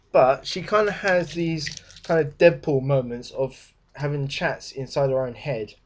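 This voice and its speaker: A young man with a medium-pitched, darkish voice gives a casual spoken book review. He rambles loosely with many fillers, trailing off, backtracking and starting over.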